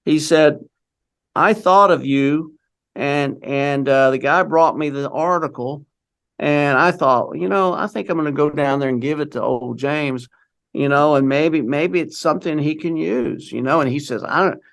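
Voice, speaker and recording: A man's voice: fairly high pitch, measured pace, creaky, fairly bright tone. A middle-aged man telling a personal story in a casual, rambling way, quoting what others said to him. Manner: rambling, with many restarts and quoted dialogue. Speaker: guest telling his story.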